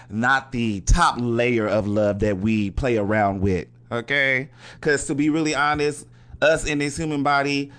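A man hosting a casual spiritual podcast monologue in an animated way, laughing often, swearing freely and checking in with "okay?" after nearly every point. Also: medium pitch. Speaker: podcast host.

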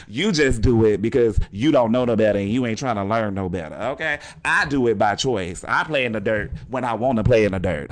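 A man hosting a casual spiritual podcast monologue in an animated way, laughing often, swearing freely and checking in with "okay?" after nearly every point. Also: mid-range voice, brisk. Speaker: podcast host.

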